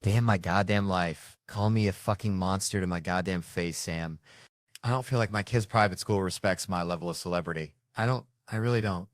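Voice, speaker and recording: A man's voice: sits low, normal speed, dry recording, studio quality. Profane, exasperated male stand-up comic. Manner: profane, animated, exasperated ranting. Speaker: stand-up comedian. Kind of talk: stand-up storytelling.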